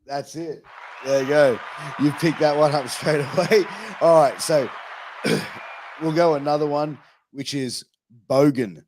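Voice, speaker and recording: A man's voice: fairly high pitch, measured pace, a little mellow. A man with an Australian accent hosting a podcast, laid-back and casual, swearing freely as he chats. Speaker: podcast host. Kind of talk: casual interview chat.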